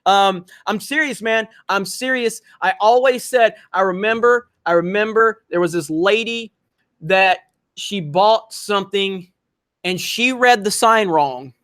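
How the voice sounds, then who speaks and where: A man's voice: high-pitched, measured pace, a bit bright, dry recording, studio quality. A man hosting a livestream, ranting animatedly in casual, profane chat. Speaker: livestream host.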